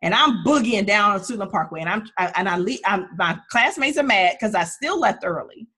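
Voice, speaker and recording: A woman's voice: mid-range voice, animated, moderate pace, bright, forceful tone, slightly rough. A woman attorney, a guest, sharing personal stories in a candid, heartfelt way with many restarts. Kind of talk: emotional personal storytelling in a conversation.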